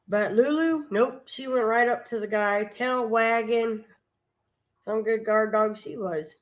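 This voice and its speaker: Slow-talking woman telling homespun stories. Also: a little high. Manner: rambling, homespun, with many asides and restarts. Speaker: vlogger and live stream host. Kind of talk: casual storytelling chat.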